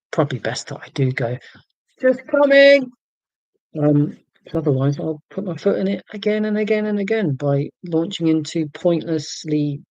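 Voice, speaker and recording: A man's voice: a little high, darkish tone, no room sound. A man hosting a casual livestream, rambling from home while reading out viewer comments in a chatty, self-deprecating way. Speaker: livestream host.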